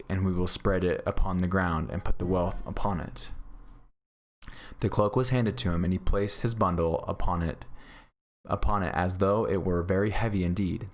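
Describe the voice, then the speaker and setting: Deep-voiced male teacher reading aloud. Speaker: grade school teacher. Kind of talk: reading a storybook aloud to a class.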